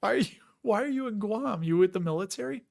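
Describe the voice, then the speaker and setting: A man's voice: high-pitched, expressive, fast, vocal fry, a little mellow. A man with a Chicago accent hosting a casual live stream, rambling and chatty and often laughing as he reads out viewer comments.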